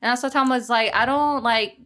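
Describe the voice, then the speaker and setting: A woman's voice: a little high, steady tone, a little fast, sharp tone. A young woman host chatting candidly about her beauty business, swearing freely and using slang. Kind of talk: casual chat.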